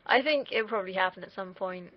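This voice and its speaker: A young woman from the United Kingdom, rambling candidly in a casual solo livestream and swearing freely. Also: mid-range voice. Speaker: streamer. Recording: dull lo-fi mic.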